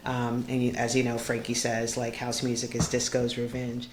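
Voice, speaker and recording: A man's voice: mid-range voice, completely flat delivery, moderate pace, reverberant, a little hiss or hum. A man hosting a radio interview, asking questions eagerly and reacting with enthusiasm. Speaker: radio show host.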